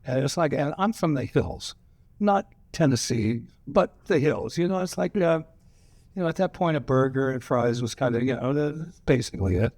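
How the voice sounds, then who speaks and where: A man's voice: mid-range voice, animated, normal speed, darkish tone, no echo. An older man, a guest actor at a screening Q&A, telling loose, profane, laughing anecdotes on a cinema stage. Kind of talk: rambling anecdotal storytelling. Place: cinema stage before a live audience.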